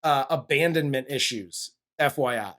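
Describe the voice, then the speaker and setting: A man hosting a movie review podcast, chatting casually with crude jokes and an animated delivery. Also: medium pitch, moderate pace, slight background noise. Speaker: podcast host.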